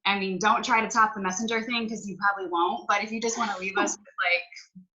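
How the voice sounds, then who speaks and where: A woman's voice: mid-range voice, fairly even intonation, a little fast, bright, forceful tone, dull audio. A woman hosting a live-stream interview who talks in a bubbly, gushing way with lots of fillers. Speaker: host.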